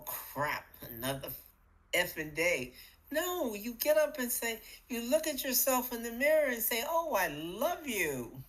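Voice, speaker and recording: A middle-aged woman co-hosting a podcast, talking casually about spiritual matters in an animated, playful way that acts out little voices. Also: a little high, rough recording. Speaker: podcast co-host.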